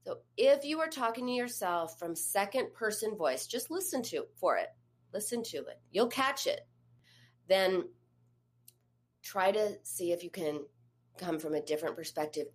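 A woman therapist and coach giving an advice talk, speaking conversationally and putting questions straight to the listener. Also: low-pitched. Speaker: eating disorder therapist and coach.

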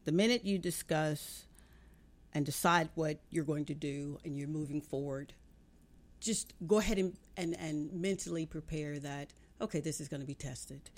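A woman's voice: low voice, unhurried. A woman hosting a radio talk show, giving an emphatic motivational faith talk in a preaching cadence.

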